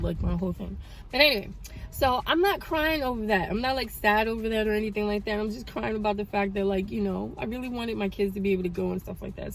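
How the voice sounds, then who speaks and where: A woman in her thirties chatting casually in a vlog, telling a story with animated and grateful talk. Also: mid-range voice. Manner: animated storytelling, praises God. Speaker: vlogger. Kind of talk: casual chat.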